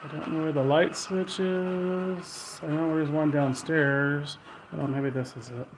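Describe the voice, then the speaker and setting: Man calling out softly to spirits. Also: measured pace. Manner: low, hushed calls to unseen spirits. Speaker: paranormal investigator. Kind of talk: ghost-hunting walkthrough. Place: indoors in an old house at night. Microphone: handheld phone. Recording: steady background hiss and room noise.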